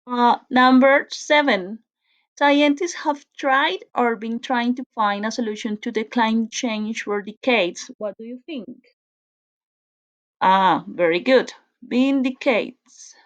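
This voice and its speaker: A woman's voice: a little high, takes it slowly, dull audio. A woman whose first language is Spanish, teaching an English grammar lesson and explaining step by step with frequent self-corrections.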